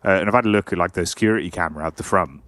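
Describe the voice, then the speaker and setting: A man's voice: low voice, racing, no room sound. A man casting an esports match, telling stories with lots of laughter and casual swearing. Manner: animated storyteller, laughs a lot, swears casually. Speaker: esports caster. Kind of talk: casual co-commentary banter. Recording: noisy background.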